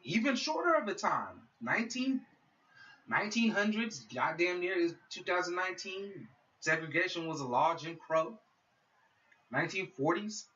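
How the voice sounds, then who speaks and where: A man's voice: high-pitched, expressive, normal speed, pushed and bright. Heated, cursing man ranting on a podcast. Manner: heated, profane, talks straight at listeners. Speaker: podcast host. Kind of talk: solo podcast rant. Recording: dull lo-fi sound, mic set back.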